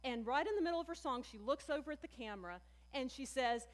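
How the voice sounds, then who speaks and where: Talking fast, this female pastor delivers her sermon conversationally, addressing listeners as friends and stressing key words with animation. Her pitch is high and bright, and a long echo rings around her as though she's in a big sanctuary.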